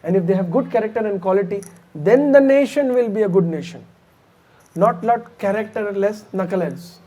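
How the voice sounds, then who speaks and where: A man telling a devotional story as a sermon, in an animated, conversational way with asides to listeners. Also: sits high. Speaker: preacher. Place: temple hall.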